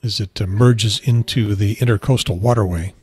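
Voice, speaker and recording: A man hosting a casual solo podcast, talking in a quiet, rambling way that often corrects itself. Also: on the low side, fairly even intonation, normal speed, slightly rough, no echo. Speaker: podcast host. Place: outdoors on a beach trip.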